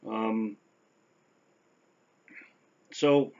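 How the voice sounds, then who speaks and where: A man who survived a stroke talks candidly about it, often pausing, restarting and checking in with "right?". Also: fairly low pitch, steady tone, creaky, darkish tone. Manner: conversational, tags sentences with "right?"; halting, with restarts and pauses. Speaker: stroke survivor sharing his experience. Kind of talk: unscripted talk to camera. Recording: slightly dull lo-fi audio.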